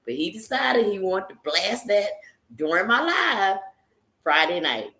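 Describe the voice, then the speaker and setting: A woman hosting a live stream, telling her viewers a story in a casual, animated way, laughing often and calling them y'all. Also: mid-range voice, a little slow, roomy sound.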